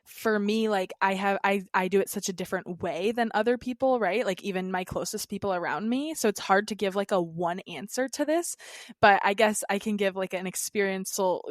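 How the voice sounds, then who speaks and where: A woman's voice: medium pitch, dry recording, clean studio sound. A young adult woman, a podcast guest, talking casually in a rambling way full of "like" fillers. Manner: rambling, heavy use of "like" fillers. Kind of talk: casual interview chat.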